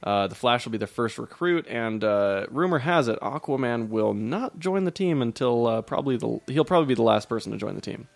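A man's voice: mid-range voice, lively intonation, brisk, creaky, hardly any pauses, no echo. A man co-hosting a casual podcast, joking around and reading news items aloud. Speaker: podcast co-host. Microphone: podcast mic.

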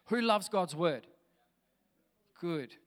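A man's voice: high-pitched, lively intonation, drawn-out words, long reverb tail. A man pastor giving a conversational, enthusiastic sermon to his church.

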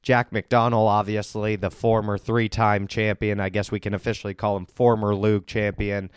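A man's voice: on the low side, flat delivery, normal speed, clear, resonant tone, dry recording, studio quality. A man hosting a casual podcast, joking and teasing his guests and laughing often. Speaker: podcast host and league commissioner.

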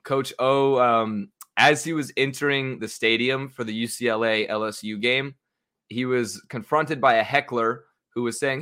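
A young man co-hosting a casual sports podcast, animated and swearing as he gets worked up about games. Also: medium pitch, normal speed, clean tone.

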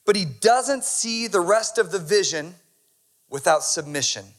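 A male pastor preaching an impassioned sermon that swings from hushed to loud. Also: high-pitched, animated, measured pace.

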